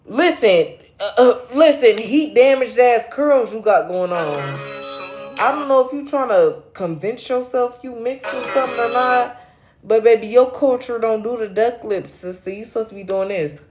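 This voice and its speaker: A woman's voice: a little high, normal speed, over music. A woman hosting a late-night livestream, ranting at viewers in a brash, profane and confrontational way while a little tipsy. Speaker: livestream host.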